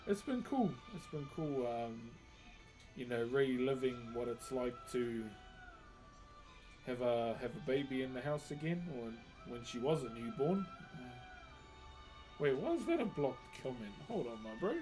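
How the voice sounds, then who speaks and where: Very animated and mid-range, a little mellow, at a moderate pace: that's how this New Zealand wood carver sounds as he livestreams his work with faint music behind. He's laid-back and casual, reading viewer comments aloud, laughing frequently and using "bro" all the time.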